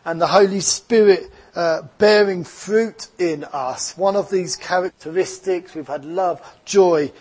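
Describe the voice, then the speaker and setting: Slow, husky-voiced Essex preacher. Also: male voice, sits high, darkish tone. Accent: Essex English. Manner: earnest, reflective, slow preaching with personal stories. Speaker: pastor. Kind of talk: sermon.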